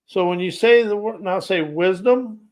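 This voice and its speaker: A man's voice: high-pitched, normal speed, darkish tone. A man hosting a podcast, delivering a rhythmic, poetic motivational monologue full of listed words. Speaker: podcast host. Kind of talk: spoken-word motivational monologue.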